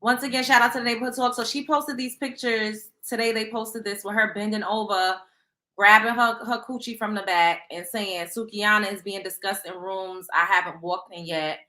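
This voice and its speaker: A young adult woman hosting a casual gossip livestream, blunt and animated, swearing freely and acting out quotes as she gives her opinions. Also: mid-range voice, moderate pace, reverberant. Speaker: host of a celebrity gossip livestream.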